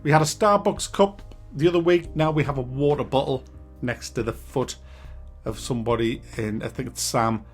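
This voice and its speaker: A man's voice: medium pitch, normal speed, husky, soft background music. A man giving a casual, exasperated, sweary video review rant. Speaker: game reviewer.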